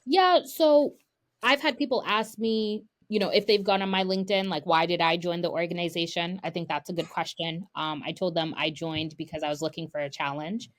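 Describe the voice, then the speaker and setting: Animated young woman telling stories. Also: fairly low pitch, fairly quick. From United States, of Haitian parents. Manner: animated storyteller, acts out quoted dialogue. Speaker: guest tech sourcer. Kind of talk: casual podcast chat.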